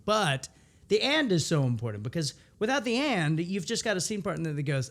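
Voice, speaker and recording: A man in his thirties talks through improv stories in a relaxed interview. His pitch swings widely, and he jumps up into a higher voice to act out quoted lines. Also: moderate pace. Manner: animated storyteller, acts out quotes in a higher voice. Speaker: improviser guest. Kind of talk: casual interview chat.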